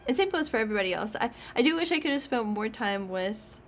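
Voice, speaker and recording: Young woman, streamer, casual chat, rambling, laughs often, higher pitch. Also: lively intonation, fast, slight background noise. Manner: chatty and rambling, frequent "like" and laughs. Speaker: VTuber streamer.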